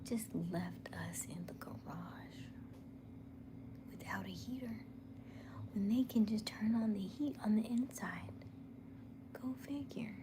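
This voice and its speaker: A woman's voice: medium pitch, takes it slowly, pauses often, noisy background. A woman hosting a casual live chat, reading viewer comments, laughing often and dropping into whispers. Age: middle-aged. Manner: chatty, laughing, drops to whispers. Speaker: livestream host.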